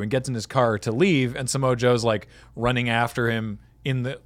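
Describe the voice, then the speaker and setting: A man's voice: mid-range voice, moderate pace, no room sound. A man on a podcast, casually recapping a wrestling show and acting out the wrestlers' lines. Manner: animated storyteller acting out quotes. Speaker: podcast co-host.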